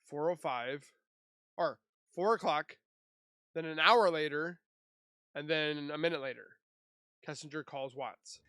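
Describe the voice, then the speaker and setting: A man's voice: on the high side, a little slow, pauses often, bright, forceful tone, clear, resonant tone, no echo, studio quality. A man reading through a case timeline and breaking in with sarcastic, scornful asides in casual commentary. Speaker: true crime YouTuber.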